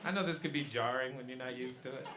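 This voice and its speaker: A man's voice: medium pitch, fast, background noise. A man doing a stand-up set, telling a story, acting out the other people in it and swearing freely. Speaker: stand-up comedian. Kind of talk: stand-up routine. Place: comedy club stage.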